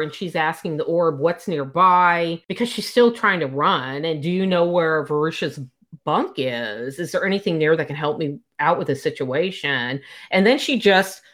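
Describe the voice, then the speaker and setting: A woman co-hosting a casual book chat, retelling the plot with lively quotes. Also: sits low. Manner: retells plot animatedly, quoting characters. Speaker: book podcast co-host.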